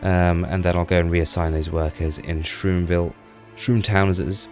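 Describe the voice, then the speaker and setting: A man's voice: deep voice, flat delivery, normal speed, faint music behind. Chatty man narrating gameplay. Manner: chatty, self-deprecating, talks to game characters. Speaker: gameplay commentator. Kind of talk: casual gameplay commentary.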